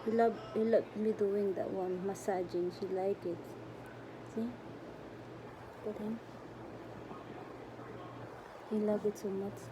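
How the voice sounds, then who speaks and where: A woman's voice: mid-range voice, fairly even intonation, a little slow, pauses often, background noise. A middle-aged woman, chatting to viewers about her cat at home, fond and rambling in broken English. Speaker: pet vlogger. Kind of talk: casual vlog talk to her cat and viewers.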